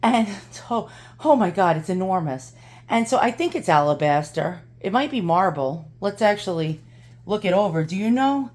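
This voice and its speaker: A woman's voice: mid-range voice, lively intonation, normal speed, darkish tone. A woman vlogging in her home kitchen, out of breath and chatty, laughing often as she talks to the camera. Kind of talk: casual chat to camera.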